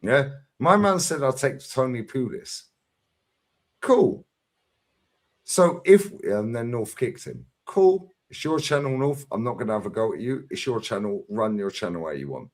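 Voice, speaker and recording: A man's voice: on the low side, lively intonation, normal speed, darkish tone. A middle-aged man, arguing hard on a fan livestream and pushing each point with a challenging "yeah?". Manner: combative, emphatic, constant "yeah?" tags. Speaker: fan channel streamer. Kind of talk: heated livestream debate.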